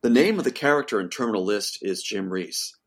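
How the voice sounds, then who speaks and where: A man's voice: fairly low pitch, animated, fairly quick, slightly rough. A man, the guest, telling an emotional personal account in an insistent voice that rises to pleading outbursts.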